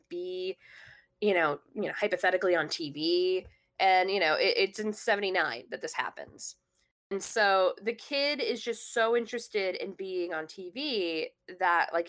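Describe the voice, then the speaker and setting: A woman's voice: fairly low pitch, fairly bright tone. A woman in casual conversation, telling a long story with many fillers and restarts. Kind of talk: casual chat.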